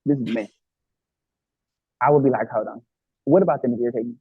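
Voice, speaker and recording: Husky man on a tinny line. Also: medium pitch, fast, no echo. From Los Angeles, United States. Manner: animated, acts out quoted inner dialogue. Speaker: guest. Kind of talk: casual conversation about self-love. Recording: tinny phone-like line, dry.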